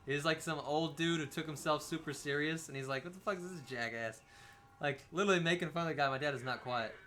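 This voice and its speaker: Young male streamer, slightly high voice, loose and animated, swears freely, casual gameplay chatter. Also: fast talker, slight background noise. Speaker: livestream co-host. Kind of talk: casual chat while playing a video game.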